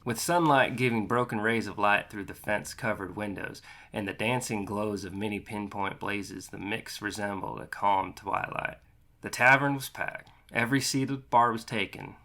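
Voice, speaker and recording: A man narrating a gritty first-person audiobook. His lowish voice is bright and forceful, and he reads at an even, matter-of-fact clip. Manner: steady, matter-of-fact, casually profane.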